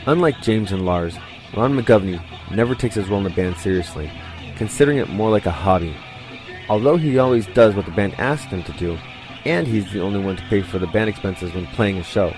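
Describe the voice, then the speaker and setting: A man giving scripted documentary narration in a steady, measured way. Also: fairly low pitch. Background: music.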